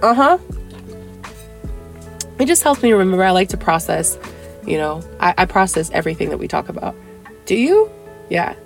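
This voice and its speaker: A young adult woman hosting a casual dating-advice podcast, chatty and playful, acting out little dialogues with big jumps in pitch. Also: expressive, fast talker, vocal fry, faint music behind. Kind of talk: casual solo podcast talk.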